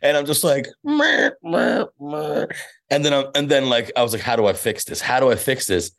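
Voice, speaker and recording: A comedian telling a quick anecdote in casual chat, jumping into loud impressions. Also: male voice, medium pitch. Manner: animated, jumps into loud impressions. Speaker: comedian guest.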